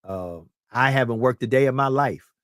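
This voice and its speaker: A man in his fifties hosting a podcast chat, middle-pitched and emphatic. He preaches his points and often repeats words. The sound is dry, with no room echo. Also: moderate pace. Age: 50s. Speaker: podcast host. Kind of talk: casual chat.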